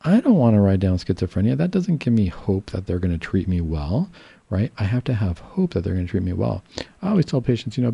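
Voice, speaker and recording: Gravelly dark-voiced man, reassuring. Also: fairly low pitch, no echo, lo-fi sound. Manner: calm, reassuring, explains patiently with fillers and restarts. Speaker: psychiatrist. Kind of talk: casual educational talk.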